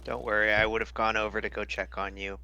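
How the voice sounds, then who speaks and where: Goofy man with a bright voice. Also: lowish voice, flat delivery, fast, vocal fry, clean tone. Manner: goofy, joking. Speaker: player. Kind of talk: casual tabletop game banter.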